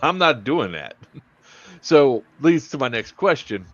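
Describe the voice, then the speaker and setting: A man hosting a casual podcast chat, rambling and halting with lots of fillers and restarts. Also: medium pitch, very animated, no room sound, highs cut off. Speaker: podcast host.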